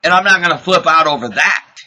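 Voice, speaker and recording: A man hosting a podcast, telling a story in a casual, excitable way, acting out what people said and laughing often. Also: fairly high pitch, quick pace, poor audio. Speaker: podcast host. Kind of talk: casual chat, animated storytelling.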